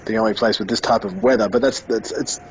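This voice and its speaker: A man's voice: fairly low pitch, steady tone, fast, slight background noise, poor audio. An Australian man answering interview questions in a casual, hesitant way, with many restarts and fillers. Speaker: band member interviewed.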